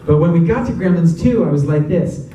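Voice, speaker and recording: Guy telling stories at a cinema q&a, warm dark tone, lots of laughing, booming room from way back. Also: a little fast. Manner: animated, chatty, laughs often. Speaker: actor and guest of a Q&A. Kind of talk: audience Q&A storytelling. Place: cinema auditorium. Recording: echoey cinema from far off.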